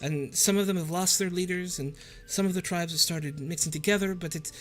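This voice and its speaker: A man's voice: high-pitched, fairly even intonation, a little fast, a bit bright, soft background music. A man voicing a worried female lizardfolk tribal leader with a put-on Irish accent, hesitant and stammering.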